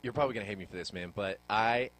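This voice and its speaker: A man's voice: fairly low pitch, very fast, a bit bright. A male radio host chats casually with his guest and teases him playfully. He speaks loosely, with many ums and uhs. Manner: playful teasing, laid-back with many fillers. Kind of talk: casual talk radio hosting.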